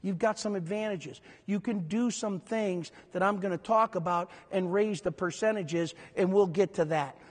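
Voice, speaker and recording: High-voiced man working a convention hall. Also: moderate pace, hardly any pauses. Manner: energetic, shouts at the audience, quizzes the crowd. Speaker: conference speaker. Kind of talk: convention breakout presentation. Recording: hall reverb, speaker from far off.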